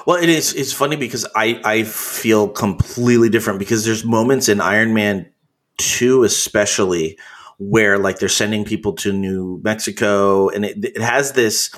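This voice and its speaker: A man co-hosting a podcast in casual chat, relaxed and hedging with plenty of "you know" and "kind of". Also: on the low side, normal speed. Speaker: podcast co-host.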